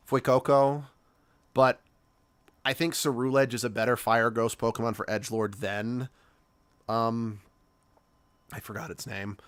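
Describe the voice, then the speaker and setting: A man's voice: mid-range voice, fairly bright tone, smooth, dry recording. A man streaming a game, talking casually in a rambling, self-correcting way. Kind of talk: casual gaming commentary.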